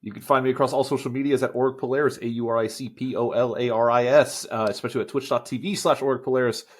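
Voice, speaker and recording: A man's voice: mid-range voice, steady tone, fast talker. A young adult man co-hosting a podcast in casual chat, laid-back with short reactions. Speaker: podcast co-host and streamer.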